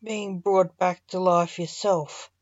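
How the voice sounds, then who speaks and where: A woman reading the lines of a gruff, secretive father who speaks darkly and bluntly. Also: fairly low pitch, fairly even intonation, slow, a little mellow, no echo, highs cut off. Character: secretive gruff father, grim reaper man.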